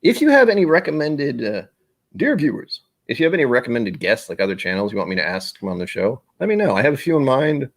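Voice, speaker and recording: A man's voice: mid-range voice, very animated, fast. A man hosting a casual whiskey live stream, rambling and self-deprecating as he gets sidetracked.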